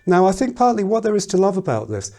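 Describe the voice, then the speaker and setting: A man teaching a piano lesson in a casual, thoughtful way, pausing often and humming rhythms aloud. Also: high-pitched, sing-song. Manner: thoughtful, hesitant, sings and counts rhythms aloud. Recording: loud piano playing behind the voice.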